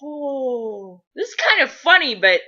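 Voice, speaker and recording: A woman's voice: high-pitched, sing-song, takes it slowly, sharp tone, voice pushed up, heavily acted. A woman voicing an amused, laid-back male angel ghost who teases. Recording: dull lo-fi recording.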